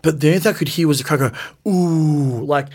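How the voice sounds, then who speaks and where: Animated man telling stories. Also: fairly high pitch, brisk, slightly rough. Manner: animated, acts out quoted lines in a raised voice. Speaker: professional wrestler guest. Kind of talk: casual storytelling in a podcast interview.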